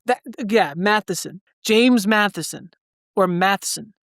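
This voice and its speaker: A man's voice: high-pitched, measured pace, a bit bright, dry recording, studio quality. A man co-hosting a podcast, chatting casually and rambling through his stories with lots of "like" fillers. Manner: rambling, loose, full of "like" fillers. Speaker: podcast co-host. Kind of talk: casual chat.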